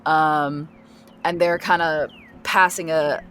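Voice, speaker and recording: A woman's voice: low voice, fairly even intonation, slow pace, a bit bright, a little hiss or hum. A woman running a tabletop role-playing game as game master, narrating in a rambling way with lots of fillers and restarts. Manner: rambling with many fillers and restarts, searching for words.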